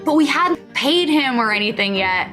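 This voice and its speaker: A woman's voice: high-pitched, expressive, normal speed, over music. A woman animatedly telling a shared story with a friend, chiming in as they go. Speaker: storyteller guest, band member.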